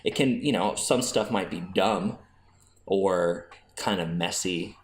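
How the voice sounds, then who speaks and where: A man with a low-pitched voice hosts a podcast at an unhurried pace. In a casual fan discussion, he argues his point in a chatty, combative way, often restarting his sentences.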